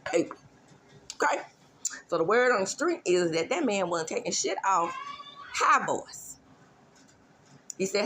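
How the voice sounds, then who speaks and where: A woman's voice: medium pitch, sing-song, a little slow, long pauses, fairly bright tone, slight background noise. A woman hosting a casual gossip show with a sassy, drawling manner, teasing and mimicking as she talks. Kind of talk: casual celebrity gossip commentary.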